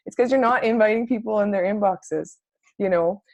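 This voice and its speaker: A young adult woman giving a casual, upbeat coaching talk, chatty and full of "like", acting out sample messages in a brighter voice. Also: mid-range voice, moderate pace, dry recording. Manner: peppered with "like" and mild swearing. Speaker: network marketing coach. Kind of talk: casual live training talk.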